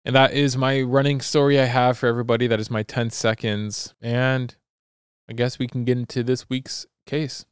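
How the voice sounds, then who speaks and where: Animated man telling a story. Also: medium pitch, normal speed, clean tone, no room sound, studio quality. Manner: animated, acts out sounds and quotes. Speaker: podcast co-host. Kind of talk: casual storytelling chat.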